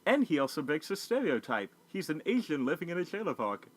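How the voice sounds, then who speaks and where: A man co-hosting a casual movie review, animated and profane, slipping into quick voices of the characters. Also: on the high side, slight background noise.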